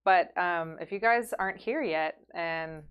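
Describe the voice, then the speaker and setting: A woman hosts a relaxed studio live stream, chatting loosely and laughing often. Her voice sits a little low and sounds smooth and clear. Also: unhurried, lo-fi sound. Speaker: stream host. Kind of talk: casual live-stream chat.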